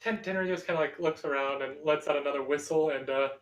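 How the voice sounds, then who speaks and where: A man's voice: a little high, fast talker, a little hiss or hum, low-quality recording. A man playing a tabletop game, talking hesitantly with lots of fillers. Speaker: player. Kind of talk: casual tabletop role-play chat.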